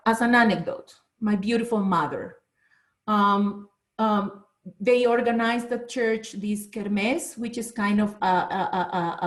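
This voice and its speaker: A middle-aged woman from Bolivia with a Bolivian Spanish accent, a teacher trainer telling personal stories in a lively way and acting out quotes. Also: on the high side, poor audio. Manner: animated, storytelling with acted quotes and repetitions. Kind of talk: storytelling talk at an online meeting.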